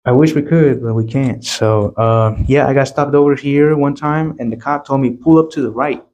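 A man from Texas speaks as a guest in a relaxed conversation. He tells his stories earnestly and in plain terms, often quoting what other people said to him along the way. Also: mid-range voice, normal speed, highs cut off. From Texas, USA. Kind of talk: casual chat, telling stories.

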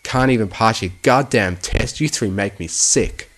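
A man voicing a big, gruff, crude male pony thug who talks in rough slang. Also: lowish voice, a little slow, fairly bright tone, voice pushed up. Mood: contemptuous.

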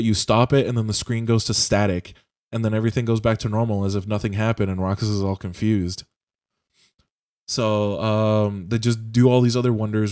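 Over a home-mic voice call, a young podcast co-host rambles casually about a video game story, cursing and using many fillers. His pitch is fairly low and his tone dark, and the studio-quality recording carries no room sound.

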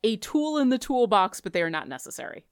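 A woman's voice: a little high, no room sound, clean studio sound. Chatty woman tabletop game master. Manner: chatty, animated, quick asides. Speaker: podcast co-host, game master. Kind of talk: casual chat.

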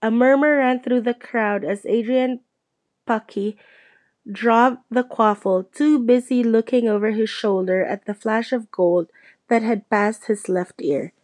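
A woman narrating a storybook, reading it aloud and lifting her voice for the characters' lines. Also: a little slow. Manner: lively, shifts pitch for quoted characters. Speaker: audiobook reader.

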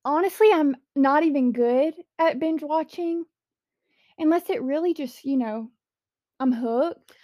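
A woman co-host with a high but mellow, soft-edged voice. She chats in a relaxed, agreeable way, with her sentences full of little fillers. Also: a little slow. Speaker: podcast co-host. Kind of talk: casual chat.

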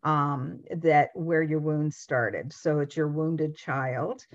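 A woman with a notably low voice hosts a relaxed interview, speaking in a measured, gentle way. Her audio sounds a little dull and lo-fi. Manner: measured, gentle questioning with soft affirmations. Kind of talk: conversational interview.

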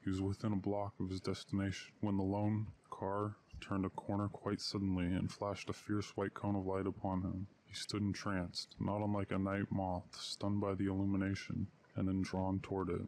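A man reading a story aloud in a measured, steady way. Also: low-pitched, slight background noise. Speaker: narrator.

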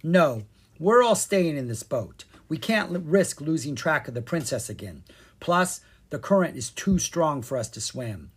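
Narrator doing a determined young girl, lively pitch, breathy edge, storybook reading, urgent and commanding. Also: unhurried, exaggerated voice. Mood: firm.

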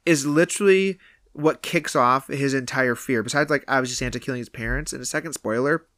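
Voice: medium pitch, brisk, no echo. Podcaster recapping a horror flick, quoting scenes, super dry audio. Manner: animated retelling, quotes scenes in voices. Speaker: podcast co-host. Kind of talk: casual movie review chat.

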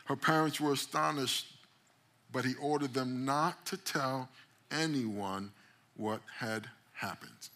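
A man preaching a sermon at a church service. His voice is bright and cutting, and he tells the story dramatically, acting out quoted lines with sudden loud bursts. He calls out to the congregation as he goes. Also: mid-range voice, slow. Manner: call-and-response phrases to the congregation. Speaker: pastor.

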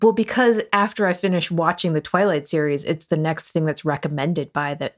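Low-voiced, wry female podcast co-host. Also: fairly even intonation, a little fast. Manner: wry, dryly teasing. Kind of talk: casual chat.

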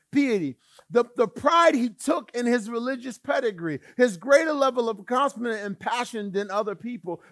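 Animated preacher, a man with a fairly high voice. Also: no room sound. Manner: animated, acts out Bible characters in varied voices. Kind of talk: sermon.

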